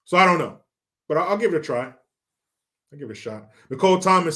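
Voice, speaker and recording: A man's voice: on the high side, lively intonation, fairly quick, pauses often, sharp tone. A man from the United States chatting casually as a live streamer, rambling and joking, swearing freely. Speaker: live streamer reading donations. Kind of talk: casual chat.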